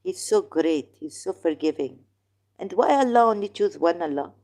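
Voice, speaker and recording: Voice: mid-range voice, animated, moderate pace, a little mellow. A host giving a casual, rambling monologue of religious commentary in broken, non-native English, arguing and putting questions to the listener. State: in neck pain, groaning.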